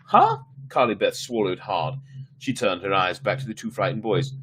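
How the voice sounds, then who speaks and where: A man with a fairly low voice reads a children's horror book aloud to his family over a live stream. He trips over words and fixes them as he goes, and now and then drifts off into casual chat. A faint hum of room ambience sits under the voice. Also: moderate pace, a bit bright. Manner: reads with frequent slips and restarts, breaks off to chat. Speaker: storyteller reading aloud to his mother.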